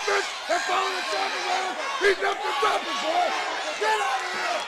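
A man cutting a brash, taunting wrestling promo, shouting at another man. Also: extremely high pitch, level tone, moderate pace. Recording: loud crowd and noisy arena.

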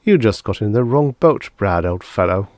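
A man's voice: lowish voice, animated, normal speed, a little mellow, no echo, studio quality, natural voice. A man reading an audiobook, voicing a smug alien collector disguised as a man, breezy and mocking. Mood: smug amused.

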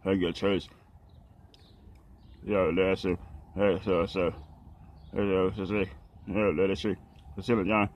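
A man talking haltingly about the Bible, with many pauses, fillers and restarts. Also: sits low, flat delivery.

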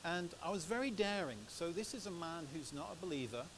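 A man's voice: fairly high pitch, brisk, poor audio. English man preaching over hiss. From England. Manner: chatty, anecdotal storytelling. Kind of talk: sermon with personal stories. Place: church. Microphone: microphone. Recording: steady background hiss.

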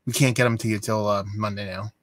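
A man's voice: on the low side, steady tone, fast talker, slight background noise. A young adult man telling a rambling, exasperated story in a casual vlog. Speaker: beer vlogger.

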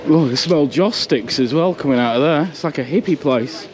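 Outdoors on a seaside promenade, a man records a relaxed walking vlog on a handheld action camera, chatting, rambling somewhat and laughing easily. His slightly high voice has a darkish tone and normal speed, with a little hiss or hum in the audio.

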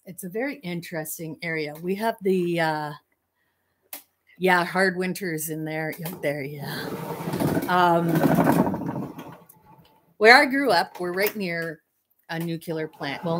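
A woman's voice: on the low side, takes it slowly, pauses often, fairly bright tone, slight background noise. A Canadian woman hosting a fiber arts livestream, chatting casually with viewers in a rambling way and laughing often. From Manitoba, Canada.

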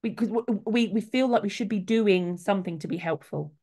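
A woman's voice: mid-range voice, a little fast, mellow, breathy edge. A middle-aged woman, a soul midwife, talking casually and earnestly, with quoted voices acted out along the way. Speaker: soul midwife, guest speaker.

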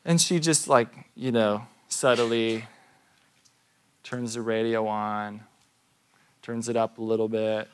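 A man's voice: lowish voice, fairly even intonation, slow pace, long pauses, slight background noise. Man preaching in a conversational way. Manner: conversational storytelling with rhetorical questions. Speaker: pastor. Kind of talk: sermon. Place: church.

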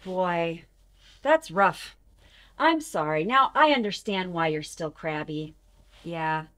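A woman hosting a toddler show, gentle and sing-song with exaggerated wonder, talking to a cartoon snowman. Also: lowish voice, animated, slow pace. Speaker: children's show host. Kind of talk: children's show presenting. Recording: music under voice.

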